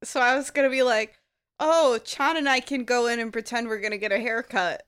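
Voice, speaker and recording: A woman's voice: fairly high pitch, fairly even intonation, brisk, a bit bright, smooth. A woman playing a tabletop game, teasing her friends and laughing often. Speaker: player. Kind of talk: tabletop role-play banter.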